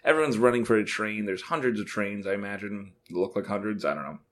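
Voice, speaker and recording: A man's voice: lowish voice, quick pace, a bit bright. A man co-hosting a podcast, casually telling a rambling travel anecdote and acting out the dialogue. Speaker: podcast co-host. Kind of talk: casual chat, storytelling. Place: bathroom at home.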